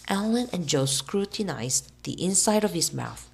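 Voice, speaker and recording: A woman reading a children's novel aloud in an expressive, lively way. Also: fairly low pitch, moderate pace, vocal fry, breathy edge. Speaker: storybook reader.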